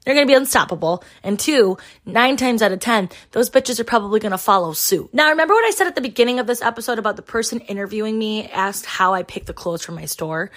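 A woman in her thirties from Michigan hosting a casual solo podcast, chatty and animated, swearing freely as she tells stories. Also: medium pitch, quick pace, few pauses. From Michigan, USA. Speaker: podcast host.

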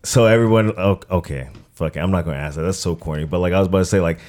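A man's voice: low voice, racing, a little mellow. A man chatting casually, rambling with lots of fillers and swearing. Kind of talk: casual chat.

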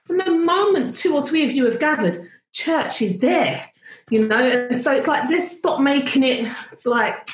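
A woman's voice: sits high, unhurried. Chatty woman telling a story in an echoey room. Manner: chatty, animated, self-interrupting. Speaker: worship leader. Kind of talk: casual storytelling on a video call. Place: at home.

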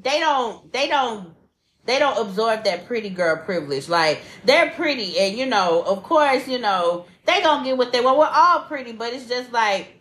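A woman's voice: on the high side, lively intonation, moderate pace, a bit bright. A woman co-hosting a podcast, talking in an emphatic, gushing, profane way. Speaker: podcast co-host. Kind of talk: casual chat. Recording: roomy echo.

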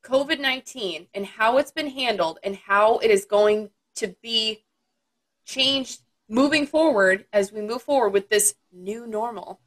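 A woman's voice: fairly high pitch, measured pace, fairly bright tone. A woman co-hosting a casual comedy podcast, making teasing, amused interjections. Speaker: podcast co-host and moderator.

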